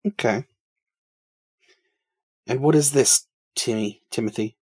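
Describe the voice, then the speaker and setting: A man playing in a tabletop game, speaking gently and with amusement. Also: medium pitch, slow pace, husky. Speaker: player. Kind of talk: casual tabletop play.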